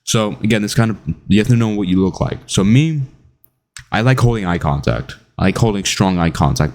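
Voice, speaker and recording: A young man giving casual self-improvement advice in an animated, jokey way, acting out quotes. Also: on the low side. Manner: animated, jokey, laughs at his own stories, acts out quotes. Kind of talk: casual talking-head advice video.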